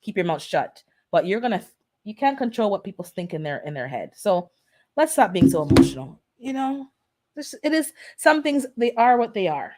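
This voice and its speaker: A woman's voice: medium pitch, very animated, normal speed, a little mellow, a little hiss or hum. A woman hosting her own channel, chatting casually on a live stream in a blunt, sarcastically funny, rambling way. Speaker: gardening channel host.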